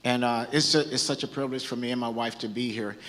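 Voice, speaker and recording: In a church hall with long reverb, a Southern California bishop preaches from the stage, earnest and conversational, often restarting sentences. His medium-pitched voice is steady, fast, and a bit bright.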